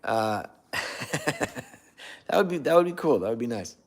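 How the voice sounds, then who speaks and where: A man's voice: mid-range voice, expressive, slow pace. A man hosting a casual livestream, rambling and losing his train of thought while he reads out viewer comments and thanks them. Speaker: livestream host.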